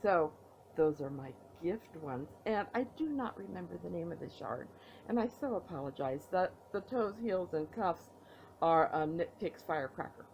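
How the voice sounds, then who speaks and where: A woman's voice: lowish voice, expressive, normal speed, darkish tone, muffled recording, slight background noise. A tired middle-aged woman hosting a knitting podcast from her home, chatting casually and rambling as she shows her projects with playful reveals. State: tired, yawning. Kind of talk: casual show-and-tell chat. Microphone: tablet recording.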